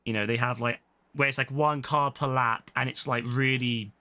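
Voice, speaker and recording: A young man giving chatty, excitable casual commentary while playing an online game, full of fillers and quick laughs. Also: mid-range voice. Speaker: gaming streamer.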